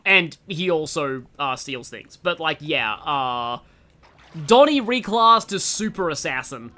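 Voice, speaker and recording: A young adult in their twenties with an Australian accent chats enthusiastically over a casual game stream, frequently restarting sentences. The mid-range voice is animated and sharp in tone, yet the pace is slow.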